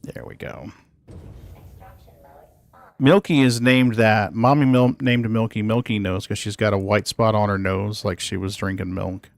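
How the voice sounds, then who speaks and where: A man's voice: lowish voice, fairly even intonation, unhurried, gravelly, dry recording. A man streaming a space game, chatting casually as he plays and talks to his cats. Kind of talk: casual gameplay commentary.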